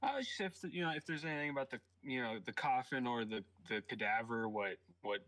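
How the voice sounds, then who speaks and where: A man playing a tabletop game, talking casually and haltingly with many fillers. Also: mid-range voice, animated, pushed and bright. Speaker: player.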